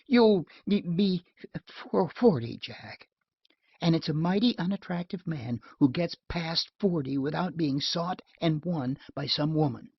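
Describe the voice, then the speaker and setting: A man voicing a teasing, quick-witted young wife and mother in an audiobook, speaking in a lilting, scoffing way. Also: fairly high pitch, expressive, vocal fry, breathy edge, dry recording, voice pushed up, heavily acted. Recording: dull lo-fi dry recording.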